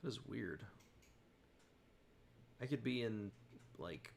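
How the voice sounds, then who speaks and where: A young man from southern Virginia chats loosely on a live stream, with a low voice that has a gravelly, creaky edge. He rambles through comments with plenty of fillers and restarts, talking into a desk mic. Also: takes it slowly, a little hiss or hum. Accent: General American with slight Southern Virginia tinge. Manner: rambling, many fillers, reads chat aloud. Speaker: YouTube host answering live chat. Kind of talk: casual live-stream chat.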